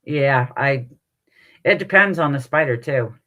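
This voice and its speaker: A middle-aged woman hosting a live stream, telling stories to her chat in an animated, salty way and laughing often. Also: a bass voice, measured pace. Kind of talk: casual chat with viewers.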